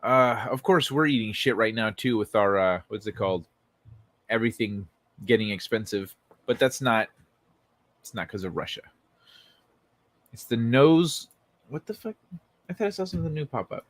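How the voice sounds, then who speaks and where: Male streamer, casual sarcastic commentary, average pitch, dry close mic. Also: expressive, normal speed, long pauses, a bit bright, no echo. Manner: sarcastic, profane, laughing often. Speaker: livestream host. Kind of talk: casual livestream commentary reading articles to chat.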